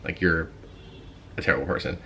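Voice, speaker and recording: Low-voiced man chatting casually. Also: a little fast, sharp tone, a little hiss or hum. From United States. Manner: chatty, rambling, many fillers. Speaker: reaction video host. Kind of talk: casual commentary.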